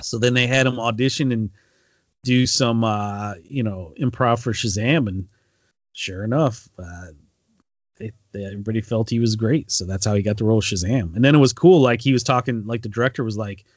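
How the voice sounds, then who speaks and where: A podcast co-host with a fairly low voice talks fairly quickly, retelling a story in a rambling, casual way with lots of ums and restarts. The recording is dry, and the highs are cut off.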